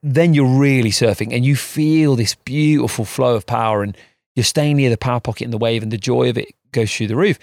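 A man's voice: mid-range voice, fairly quick, creaky, darkish tone, no echo, studio quality. A man co-hosting a podcast, chatting in a rambling, self-mocking way. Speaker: podcast co-host. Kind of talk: casual chat.

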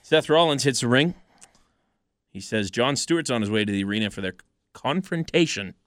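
A man's voice: mid-range voice, animated, normal speed, a bit bright, no room sound, clean studio sound. A man hosting a casual podcast, recapping events from notes in a laid-back way with joking asides. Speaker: podcast host. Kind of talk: casual wrestling podcast chat.

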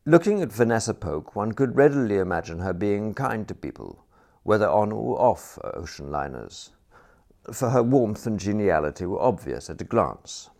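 Low gravelly guy reading a funny novel, lots of ups and downs in his voice. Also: animated, normal speed, darkish tone. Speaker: audiobook narrator. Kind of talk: scripted narration of a comic novel.

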